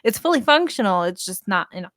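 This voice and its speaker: A woman's voice: medium pitch, sing-song, brisk, a bit bright, no room sound, studio quality. A woman in her thirties chatting casually on a stream, rambling through stories and laughing often. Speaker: guest co-host. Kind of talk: casual chat on a live stream.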